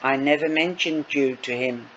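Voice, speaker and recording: A man's voice: mid-range voice, normal speed, a bit bright, close to an everyday voice. A man reading a novel aloud, voicing a bossy but caring young woman who gives firm orders. Dull lo-fi recording with faint noise. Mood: flustered. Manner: firm, commanding. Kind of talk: audiobook reading.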